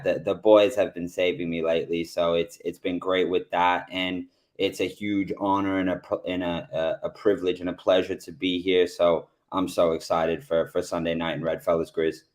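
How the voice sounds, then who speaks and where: A man's voice: low-pitched, level tone, moderate pace, few pauses. A man, a youth soccer coach, guesting on a stream and chatting casually with good humor. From United States. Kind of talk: casual chat.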